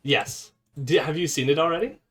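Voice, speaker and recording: Man, fairly high voice, streamer host, casual commentary, reads articles aloud, filler words, restarts. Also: moderate pace, a bit bright. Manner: chatty, with frequent fillers and self-corrections.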